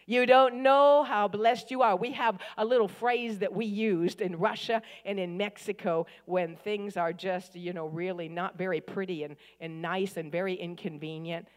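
A woman's voice: lowish voice, fairly even intonation, moderate pace, few pauses. Woman preaching in a reverberant hall. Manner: emphatic, repeats phrases, calls for amens. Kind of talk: sermon.

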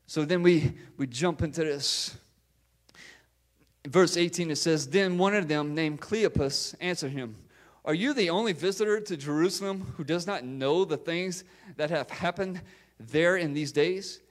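A man with a raised, higher-than-usual voice delivers a sermon. He speaks earnestly, circling back over phrases and restarting his sentences as he works through a point. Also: moderate pace, a bit bright. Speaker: preacher.

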